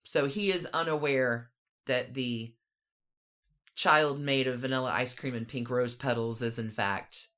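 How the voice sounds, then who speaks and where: A woman's voice: a bass voice, unhurried, a bit bright. A woman co-hosting a podcast, casually telling a story with conversational, dry asides. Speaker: podcast co-host.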